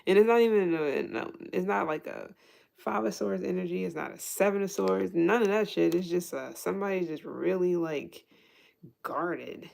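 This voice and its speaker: A woman's voice: lowish voice, normal speed, vocal fry, darkish tone. A woman giving a casual tarot reading who thinks aloud, restarts her sentences, swears freely and laughs often. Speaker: tarot reader.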